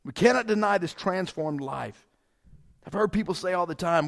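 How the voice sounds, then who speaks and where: Gravelly, high-voiced preaching man. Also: moderate pace. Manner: excited, preaching with big swells in pitch and volume. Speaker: pastor. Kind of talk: sermon.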